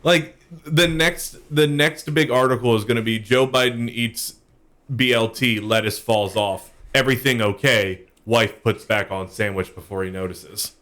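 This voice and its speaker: A man's voice: medium pitch, normal speed, fairly bright tone. A young man co-hosting a podcast stream, bantering sarcastically with jokes and swearing. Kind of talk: casual chat.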